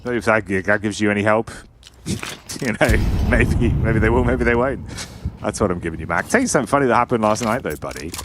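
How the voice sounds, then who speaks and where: A man's voice: lowish voice, fairly quick. A man casting an esports match, telling stories with lots of laughter and casual swearing. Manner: animated storyteller, laughs a lot, swears casually. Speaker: esports caster. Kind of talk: casual co-commentary banter. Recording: noisy background.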